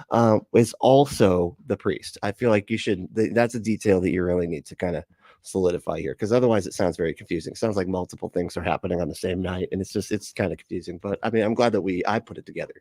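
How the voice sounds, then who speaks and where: A man's voice: lowish voice, darkish tone, no echo, studio quality. A man hosting a casual reaction livestream, laughing often, greeting chat viewers and making sarcastic remarks. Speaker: livestream host reacting to a video.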